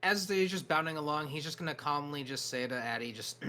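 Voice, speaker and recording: A man taking part in a tabletop game, talking in a hesitant way with many fillers. His voice is bright and forceful. A faint hiss sits under it. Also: a little high, lively intonation, brisk. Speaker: player. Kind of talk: casual tabletop play.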